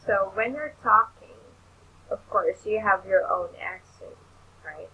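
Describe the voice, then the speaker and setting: A woman tutoring English in an online lesson, explaining things slowly and patiently. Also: medium pitch, vocal fry, dull audio, slight background noise.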